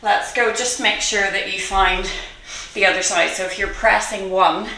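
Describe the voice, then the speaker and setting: A woman's voice: mid-range voice, moderate pace, sharp tone. A woman leading a guided workout as a fitness instructor, counting reps aloud with an encouraging manner and frequent laughs. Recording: very echoey room, mic far off.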